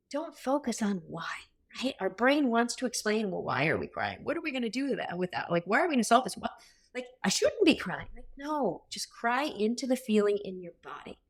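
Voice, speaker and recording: A woman in her thirties giving a coaching talk in a workshop style, energetic and blunt, with casual swearing. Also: mid-range voice.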